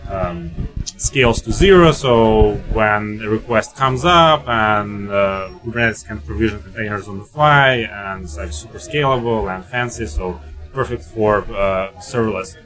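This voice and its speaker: A man's voice: on the low side, a little slow, fairly bright tone, faint music behind. A man, a podcast guest at a conference, explaining technical news in a hesitant way with many fillers. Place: conference venue.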